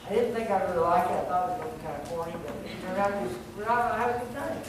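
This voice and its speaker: A man's voice: sits high, racing. A middle-aged man, a pastor, telling rambling, laughing anecdotes during a sermon. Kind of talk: sermon storytelling. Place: church sanctuary. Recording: very echoey, distant mic, noisy.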